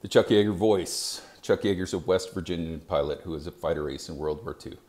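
A man giving scripted narration as an EMS educator, with a measured, even delivery. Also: sits low.

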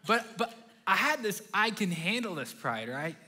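A young man preaching to his congregation, his voice bright and ringing and pitched a bit above the usual. He tells his stories with animation and jumps into quick impressions of his own inner thoughts. The delivery is a lively, friendly sermon. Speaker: pastor.

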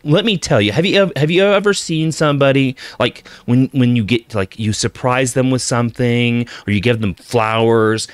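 A man casually telling a long joke, rambling and animated, addressing the listener directly. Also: medium pitch, no echo. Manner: rambling, animated, many fillers and restarts.

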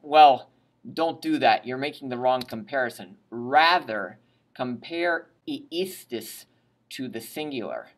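A woman's voice: very deep voice, lively intonation. A woman teaching Latin grammar in a recorded lesson, drilling verb endings aloud and adding chatty, plain asides. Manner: drills conjugations aloud, pausing for students to repeat.

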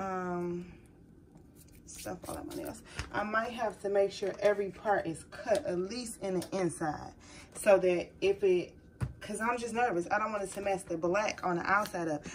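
A chatty crafting vlogger with a mid-range voice walks her viewers through a home craft project, calling them y'all and sounding nervous. Because she sits a little back from the mic, she comes across somewhat distant, over a faint hiss.

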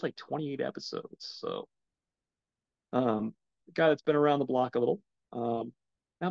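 Man, gravelly voice, solo film podcast host, rambling with lots of ums, lo-fi dry sound. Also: medium pitch, darkish tone, dry recording. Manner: rambling, lots of ums, swears when frustrated. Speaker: podcast host reviewing films. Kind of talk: casual solo film talk.

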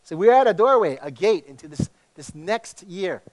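Animated pastor preaching, fairly high voice. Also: male voice, moderate pace. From Hawaii. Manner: animated and conversational, with many restarts. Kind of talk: sermon.

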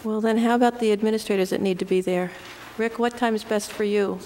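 A woman's voice: mid-range voice, steady tone, fast, a little mellow, a little hiss or hum. A woman on a school board giving a subcommittee report at a public meeting in a businesslike way, with some hesitant fillers. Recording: long reverb from a meeting hall.

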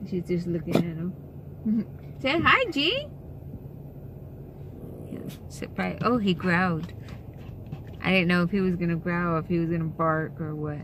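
A young adult woman vlogs from her car and later a store, casually rambling through exasperated complaints full of fillers. Her voice is fairly low, against a noisy background.

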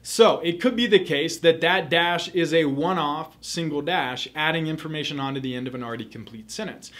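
Higher-pitched man teaching grammar. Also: brisk, a bit bright. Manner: clear, methodical, repeats key rules. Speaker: test prep tutor. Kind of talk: explaining grammar rules in a recorded lesson.

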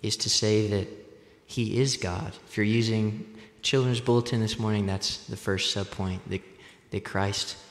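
A young man preaching a sermon as pastor, deliberate and measured, picking up speed when telling personal stories. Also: on the low side, steady tone. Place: church sanctuary. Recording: echoey church hall.

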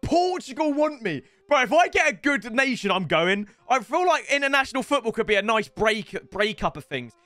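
Young gamer streamer, high bright voice, swooping pitch, loud banter over a football game, close dry mic. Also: male voice, dry recording. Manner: excitable, banter-filled and loud, swinging into mock impressions. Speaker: gaming streamer. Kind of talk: live game commentary.

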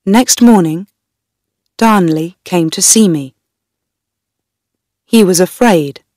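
Very slow woman reading a story. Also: fairly low pitch, mellow, dry recording, studio quality. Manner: slow, careful, plainly spoken. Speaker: audiobook reader. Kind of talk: slow first-person story reading for learners.

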